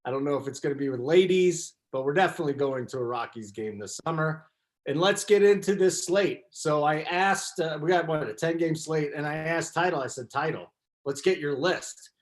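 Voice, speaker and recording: A man's voice: fairly high pitch, normal speed. A man hosting a casual sports betting show, teasing his co-hosts and steering the talk. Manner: teasing, lively. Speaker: podcast host. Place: lives in the Denver area.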